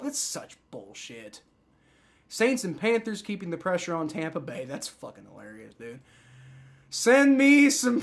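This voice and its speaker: A young man hosting a live football reaction stream, swearing and shouting in outrage at the referees, then talking casually to his chat. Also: sits high. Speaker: livestream football reaction host. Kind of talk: live sports reaction commentary.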